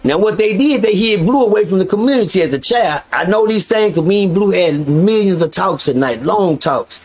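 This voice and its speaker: Male storyteller, casual, profane, slightly high voice. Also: normal speed. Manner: profane, animated, addresses listeners directly.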